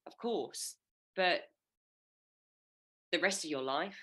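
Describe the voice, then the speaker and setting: A woman's voice: on the low side, slow, bright, forceful tone. A woman in her forties hosting a podcast, earnest and reflective, often searching for her words. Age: 40s. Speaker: podcast host. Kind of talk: casual podcast conversation.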